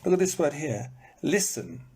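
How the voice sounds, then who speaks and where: A man's voice: a little high, big pitch swings, normal speed, warm tone, husky. A man teaching in a live online lesson, repeating words to show their stress and breaking into bits of song, recorded on a phone. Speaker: English teacher.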